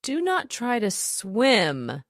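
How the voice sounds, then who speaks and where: A woman voicing a fussy grown farmyard hen in a storybook, excited and pleading. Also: a little high, extremely slow, no echo, clean studio sound, pitched above the performer's own voice, exaggerated voice.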